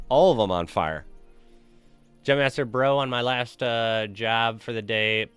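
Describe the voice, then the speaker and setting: A man's voice: medium pitch, fairly bright tone, smooth, dry recording. A young man streaming a game, chatting casually with viewers, reading names from chat and telling crude, joking stories. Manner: loose, profane, joking storyteller reading chat.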